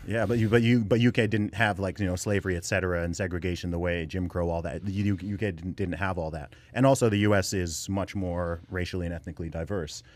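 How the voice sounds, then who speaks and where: A man's voice: low voice, steady tone, fast, hardly any pauses, darkish tone. A man from England, a podcast guest, talking in a casual panel discussion with frequent fillers and restarts.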